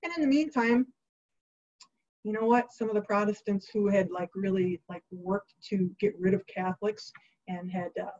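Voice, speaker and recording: A woman chats her way through a history story, breezy and jokey, full of fillers and little quoted asides. Her voice sits at an ordinary middle pitch. The recording sounds a bit dull and lo-fi. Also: fairly even intonation, moderate pace, darkish tone. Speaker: host. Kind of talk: casual chatty history storytelling.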